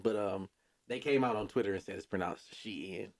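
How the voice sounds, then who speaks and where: A man's voice: fairly low pitch, fairly quick. A man hosting a casual podcast chat, laid-back and rambling, with many fillers and chuckles. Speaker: podcast host.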